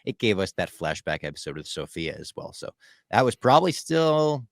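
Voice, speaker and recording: A man's voice: fairly low pitch, very animated, normal speed, dry recording, studio quality. A young man co-hosting a podcast in casual chat, animatedly recapping scenes and acting out lines. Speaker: podcast co-host.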